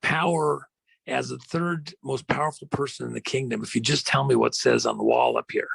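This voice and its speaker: Ancient king, male, boastful and pleading, done lightly by a gravelly-voiced man. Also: mid-range voice, lively intonation, normal speed, fairly bright tone, dry recording, heavily acted, poor audio. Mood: bargaining.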